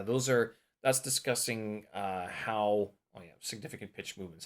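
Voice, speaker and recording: Low-voiced man rambling through course notes. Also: fairly bright tone. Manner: rambling, thinks aloud, trails off and restarts; tries out stress patterns aloud on single words. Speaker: language-learning vlog host. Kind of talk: casual talk-through of course materials.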